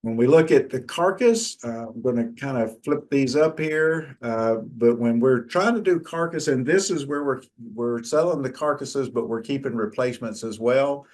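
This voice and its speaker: A man's voice: mid-range voice, normal speed, hardly any pauses, darkish tone. A middle-aged man, giving a conversational lecture from slides, with frequent fillers and restarts. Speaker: extension lecturer.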